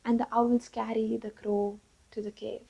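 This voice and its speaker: A woman with a raised pitch and a husky, gravelly texture tells a fable in a lively way. Her tone is warm and mellow, and she shifts her voice for each character in the tale. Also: measured pace, rough recording. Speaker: storyteller. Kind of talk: storytelling for children.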